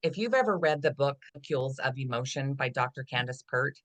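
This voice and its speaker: Low-voiced woman telling a story. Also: brisk. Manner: animated storytelling, acting out dialogue. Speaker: guest, body trust coach. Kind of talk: casual podcast conversation.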